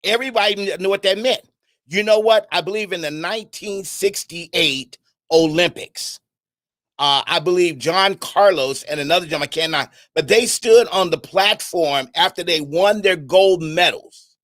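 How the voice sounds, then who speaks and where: This middle-aged man has a high, light voice and a lively, preaching delivery, firing rhetorical questions and circling back over his own phrases. The recording is close and dry, with no room sound around him. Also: moderate pace, no echo. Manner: animated, conversational, asks the audience questions; repeats words and restarts often. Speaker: speaker on an internet radio talk show. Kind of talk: preaching-style talk on communication.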